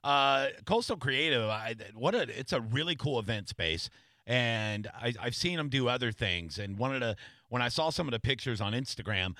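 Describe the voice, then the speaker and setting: Bright-voiced rambling radio host, a man. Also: medium pitch, expressive, moderate pace, no room sound, studio quality. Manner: rambling storyteller, many restarts and fillers. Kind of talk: casual radio interview chat.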